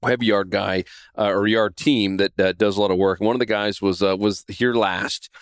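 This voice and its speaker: Middle-aged man telling a story, low voice. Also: steady tone, normal speed, clean tone, no echo, clean studio sound. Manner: earnest, many restarts and "right?" asides. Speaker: podcast host. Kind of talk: casual storytelling monologue. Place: home in Florida.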